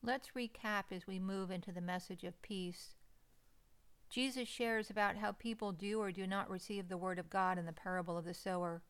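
A woman delivering a slow, soothing, scripted devotional message. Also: medium pitch, fairly even intonation, fairly bright tone, clean tone. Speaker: devotional speaker.

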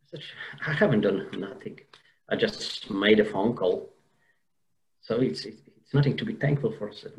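A man's voice: lowish voice, normal speed, rough recording. Earnest man telling an emotional story. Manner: earnest, emotional, with frequent restarts and repeated words. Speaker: podcast guest. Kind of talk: personal storytelling in an interview.

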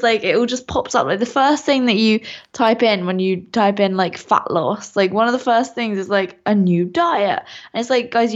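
An English woman chatting casually as a podcast guest, quick and talkative with casual swearing. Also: mid-range voice. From England. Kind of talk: casual chat. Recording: dull lo-fi audio.

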